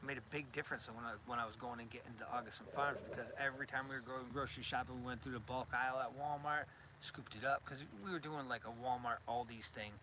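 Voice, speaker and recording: A man's voice: fairly even intonation, quick pace, background noise. Rambling man on an outdoor live stream. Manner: rambling, talks to his dog in a high baby voice. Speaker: survival channel host. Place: outdoors on rural land.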